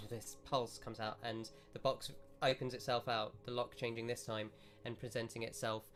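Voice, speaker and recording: A man narrating as game master, describing a scene slowly. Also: mid-range voice, level tone, a bit bright.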